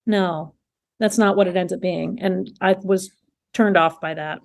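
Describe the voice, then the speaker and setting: A woman's voice: fairly low pitch, fairly even intonation, unhurried, creaky, darkish tone. A woman co-hosting a podcast, reacting to a TV episode in gushing, chatty talk full of "like". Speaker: podcast co-host. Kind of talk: casual chat recapping a TV episode.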